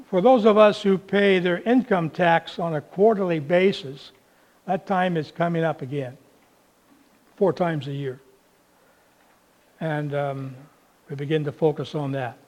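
A male pastor delivers his sermon in a high, light voice. He speaks slowly and leisurely, spinning a homespun story with plenty of "uh"s. The tone is relaxed and conversational. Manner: unhurried, folksy, with fillers.

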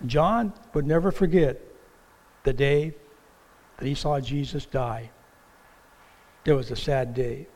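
A man's voice: medium pitch, slow pace, long pauses, darkish tone, long reverb tail. A man preaching an Easter sermon from a church stage, telling stories animatedly and acting out the voices in the quotes he tells. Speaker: pastor. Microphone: stage microphone with monitor.

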